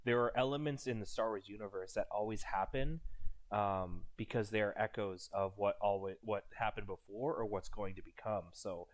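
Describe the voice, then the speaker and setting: Dude on stream reacting to a vid, kinda low voice, lots of um and like. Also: male voice, fairly even intonation, moderate pace. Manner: rambling, with fillers and restarts. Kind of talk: casual reaction commentary.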